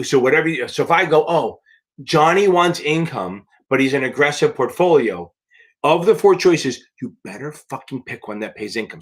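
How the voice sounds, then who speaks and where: A man's voice: mid-range voice, a bit bright, slightly rough. A man tutoring for a finance licensing exam on a live question-and-answer stream, talking bluntly and emphatically and swearing for emphasis.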